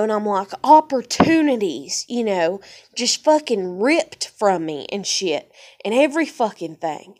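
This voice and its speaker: A woman's voice: mid-range voice, big pitch swings, a little slow, a little mellow. A woman with a daughter giving a blunt, heated personal rant to camera, swearing nearly every sentence and using y'all and fixing to. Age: adult with a daughter. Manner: profane, heated, swearing constantly; Southern-style speech with y'all and fixing to. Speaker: vlogger.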